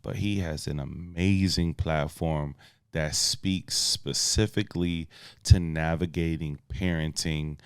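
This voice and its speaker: A man with a very low, smooth and resonant voice co-hosts a casual podcast, talking in a relaxed, slangy and playful way. The sound is dry and close, with no room around it. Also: takes it slowly, no room sound. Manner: laid-back, slangy, playful. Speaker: podcast co-host.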